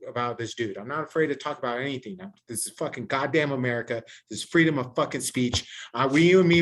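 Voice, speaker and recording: A man's voice: mid-range voice, fairly bright tone. A podcast host, a man, ranting heatedly and preachily, swearing in nearly every sentence. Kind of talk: profane ranting podcast chat.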